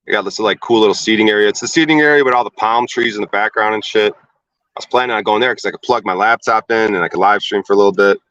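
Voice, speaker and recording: A man's voice: fast talker, fairly bright tone, highs cut off. A young man hosting a livestream from his car, ranting and swearing in heated casual talk. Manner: profane and agitated, rants with rising pitch. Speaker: livestream host.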